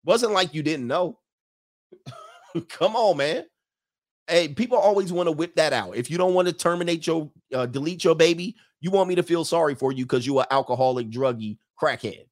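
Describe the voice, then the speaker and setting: A man's voice: fairly high pitch, lively intonation, moderate pace. Blunt, slangy man hosting a stream. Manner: blunt, slangy, laughs between points. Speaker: livestream host reading viewer comments. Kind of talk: casual opinionated commentary.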